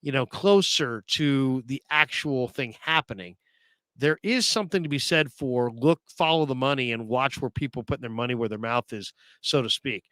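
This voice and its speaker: A man's voice: mid-range voice, moderate pace, fairly bright tone, no echo. A man hosting a casual sports talk show, reading viewer comments aloud and laughing often.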